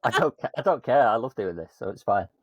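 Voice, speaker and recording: A man's voice: mid-range voice, expressive, fast talker, slightly rough, no echo, lo-fi sound. A man co-hosting a casual coaching podcast, self-mocking and laughing often. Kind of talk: casual chat.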